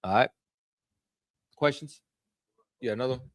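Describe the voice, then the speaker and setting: A man's voice: medium pitch, measured pace, no echo, studio quality. A man leading a scripture study, speaking in casual street slang and often asking "you know what I'm saying". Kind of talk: casual teaching.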